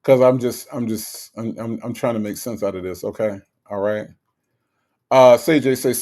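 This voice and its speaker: Male stream host, casual and slangy, animated rhetorical back-and-forth with chat. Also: lowish voice, normal speed. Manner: animated, rhetorical questions, repeats himself; slangy, conversational. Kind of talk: casual live commentary reading chat.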